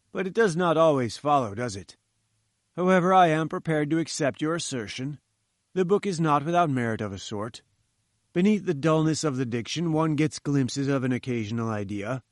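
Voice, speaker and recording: A man's voice: a little high, no echo, clean studio sound, natural voice. A man reading the lines of a pompous, condescending male professor who lectures in a lofty, patronizing manner. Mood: dismissive. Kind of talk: audiobook character voice.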